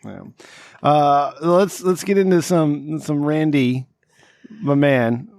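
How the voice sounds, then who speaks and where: A man's voice: a little high, steady tone, takes it slowly, a little mellow, dry recording. A man hosting a comedy podcast, rambling and sarcastic with a lot of swearing, groggy from having just woken up. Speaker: podcast host. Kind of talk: casual comedic podcast chat.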